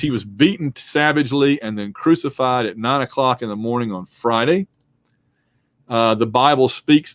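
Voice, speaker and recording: Male history instructor, casual lecturing style with jokes, mid-pitched voice, dry recording. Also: dry recording. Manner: chatty, with asides and jokes. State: yawning and hiccuping. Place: home basement.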